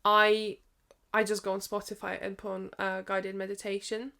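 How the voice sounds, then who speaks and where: A young woman co-hosting a podcast, talking candidly and reflectively, offering gentle advice. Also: mid-range voice, level tone, normal speed, vocal fry. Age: young adult. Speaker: podcast co-host. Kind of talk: candid casual chat.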